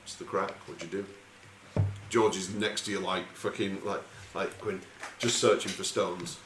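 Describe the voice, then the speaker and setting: Low-voiced game master, rambling. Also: male voice, steady tone, a little slow, a bit bright. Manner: rambling, casual, swearing freely. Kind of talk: narrating a tabletop game. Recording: echoey room with faint noise.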